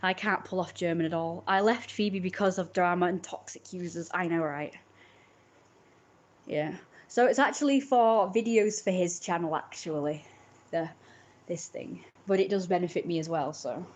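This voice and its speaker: A woman's voice: lowish voice, normal speed. A woman, chatting casually with her viewers in a rambling way, full of fillers and restarts. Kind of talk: casual chat.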